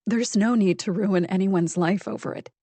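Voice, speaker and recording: Narrator doing cool smooth lady dean, condescending, measured, mid pitch. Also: mellow, no echo, lightly acted. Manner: measured and reasonable. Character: smooth, calm, condescending woman college dean.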